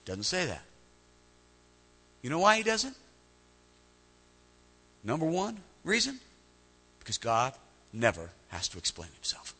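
A male pastor preaching a sermon, animated, often repeating words as he starts a phrase. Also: a little high, a little slow, pauses often, big-room sound.

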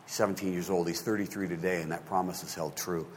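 A man in his fifties, a pastor telling a story in a sermon, swinging between hushed and loud. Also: low voice, steady tone, quick pace, few pauses, slight background noise. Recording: long hall reverb.

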